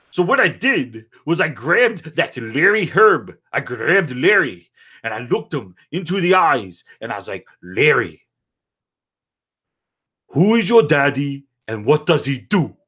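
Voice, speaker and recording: A man's voice: fairly high pitch, husky, exaggerated voice. A man doing a crude, rambling action star. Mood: cocky grumbling. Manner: rambling, crude, bursts into shouting and sing-song. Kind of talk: comedic parody interview.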